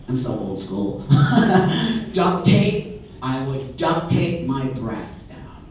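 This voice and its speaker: Middle-aged man, candid animated storyteller addressing a crowd; distant mic, very roomy hall. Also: medium pitch, a little hiss or hum. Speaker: speaker. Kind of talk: personal story told to an audience. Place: large room before an audience. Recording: echoey hall from far off.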